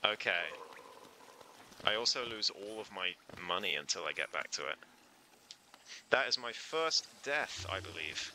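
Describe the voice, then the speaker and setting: A man's voice: fairly low pitch, lively intonation, a little slow, pauses often, bright, forceful tone, a little hiss or hum. A man chatting casually as he streams a video game, reacting aloud and laughing often. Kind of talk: casual live gameplay commentary.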